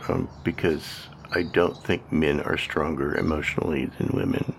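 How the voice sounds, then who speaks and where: Deep gravelly man, dry podcast talk. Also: fairly even intonation, moderate pace, a little hiss or hum. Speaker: podcast co-host. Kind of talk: casual conversation.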